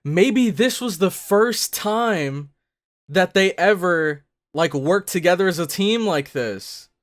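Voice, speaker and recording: An anime reaction host with a high voice talks at a slow pace, thinking out loud with lots of fillers. His casual commentary keeps breaking into loud, excited exclamations.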